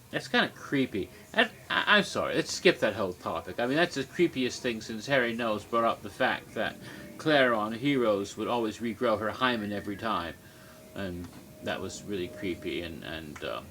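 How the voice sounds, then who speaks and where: A man's voice: mid-range voice, a bit bright, a little hiss or hum. A man rambling tipsily to his webcam in a casual monologue, easily sidetracked and giggly. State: tipsy. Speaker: vlogger.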